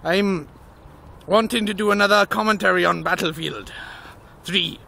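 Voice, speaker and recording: A young man vlogging while walking along a road, talking loudly and jokily and shouting at the wind. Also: high voice, moderate pace, vocal fry. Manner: loud, silly, jokey, shouts at the wind and cars. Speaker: gaming vlogger. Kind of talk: rambling outdoor vlog. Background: wind and passing traffic.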